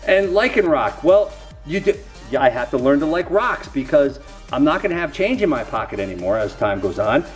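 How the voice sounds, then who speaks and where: A middle-aged man rambles casually to camera while opening card packs, adding self-mocking, folksy asides. His voice is a little high, sing-song, and a little fast, with soft music in the background.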